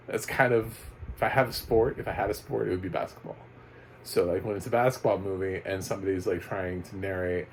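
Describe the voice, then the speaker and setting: Low-voiced man rambling through a review. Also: a little hiss or hum, poor audio. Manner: rambling, chuckling, many fillers and restarts. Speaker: movie reviewer. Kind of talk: casual video review.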